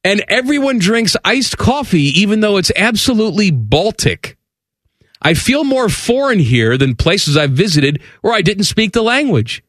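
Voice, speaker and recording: A man's voice: high voice, big pitch swings, normal speed, a bit bright, no room sound, studio quality. A man co-hosting a radio show, reading a letter aloud and mocking it incredulously. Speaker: radio co-host. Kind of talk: casual chat, reading aloud.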